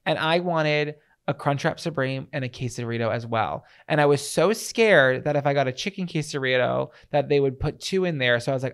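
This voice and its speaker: A man co-hosting a podcast, telling stories in lively casual chat with some swearing. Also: mid-range voice, normal speed. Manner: animated, storytelling with profanity. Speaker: podcast co-host.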